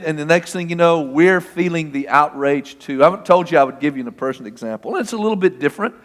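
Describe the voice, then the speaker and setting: A man preaching a sermon, telling a personal story with animation and acting out the shouting. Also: a little high. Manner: storytelling, animated, acts out the argument. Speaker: pastor. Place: church sanctuary. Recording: long hall reverb.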